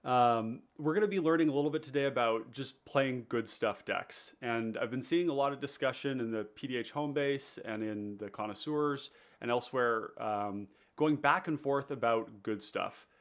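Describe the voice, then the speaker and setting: A man's voice: mid-range voice, normal speed, hardly any pauses. Nasal, congested man hosting a stream. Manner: easygoing, rambling with many fillers. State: under the weather, congested. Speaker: live stream host. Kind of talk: casual live stream chat.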